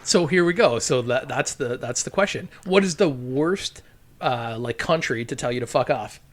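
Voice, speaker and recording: A young man with a mid-pitched voice hosts a casual podcast. He keeps the questions coming and laughs easily along with his guests. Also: normal speed. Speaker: podcast host. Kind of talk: casual chat.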